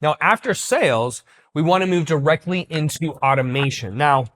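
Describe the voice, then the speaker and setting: A young man coaching on business in a direct, salesy way. His voice sits a little higher than most men's. He explains steps with confident emphasis, like a practiced pitchman. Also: moderate pace, fairly bright tone. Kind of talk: talking-head business lesson.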